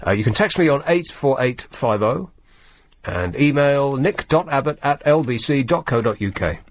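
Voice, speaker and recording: A man's voice: medium pitch, expressive, moderate pace, dry recording. A man hosting a talk radio show, reading out news stories and mocking them in a sardonic, conversational way. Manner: sardonic, reads news items and mocks them. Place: radio studio. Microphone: studio microphone.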